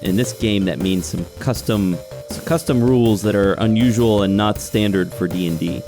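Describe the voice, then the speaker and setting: A man acting as game master, describing scenes and calling turns in an unhurried, descriptive way. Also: lowish voice, music in the background. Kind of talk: narrating a tabletop game.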